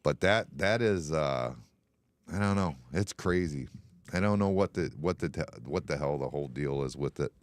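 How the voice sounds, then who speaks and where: A man's voice: rumbling low, moderate pace, no echo, studio quality. A man hosting a casual bar-talk live stream, blunt and sarcastic, swearing freely. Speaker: podcast host.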